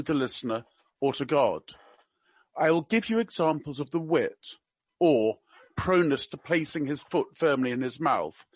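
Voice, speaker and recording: A man with a slight RP accent reading a prepared commentary in a measured, wry, deliberate way. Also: a little high, dry recording. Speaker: podcast regular.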